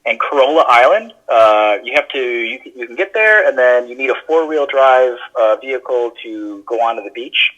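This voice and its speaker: A man's voice: mid-range voice, animated, normal speed, few pauses, fairly bright tone, dull audio. A man guesting on a podcast, telling stories in a loose, chatty way with lots of fillers and restarts. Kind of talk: casual conversational storytelling.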